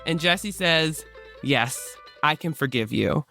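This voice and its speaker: A man's voice: a little high, expressive, slow, creaky, bright, forceful tone, soft background music. A man hosting a podcast, retelling a historical story in casual modern slang and briefly acting out the people in it. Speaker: podcast host.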